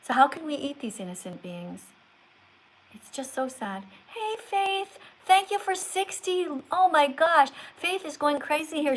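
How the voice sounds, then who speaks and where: Woman, slightly high voice, live-stream host, earnest, preachy, pleading, thanks viewers by name. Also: rough recording. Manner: reads out viewer names and thanks them. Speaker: livestream host.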